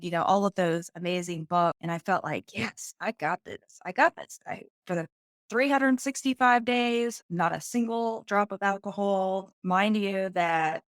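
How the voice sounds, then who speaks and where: A woman's voice: lowish voice, smooth, dry recording, studio quality. A woman guest on a podcast, telling her personal story in a candid, earnest way.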